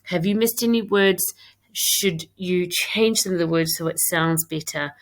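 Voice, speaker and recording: A British-accented primary school teacher records an English lesson for young pupils, reading her own writing aloud and talking it through step by step. Her voice is on the low side.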